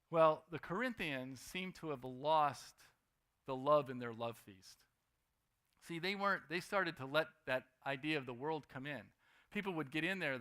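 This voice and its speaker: A young man preaching a sermon, lively, swinging between loud emphasis and quiet asides. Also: a little high.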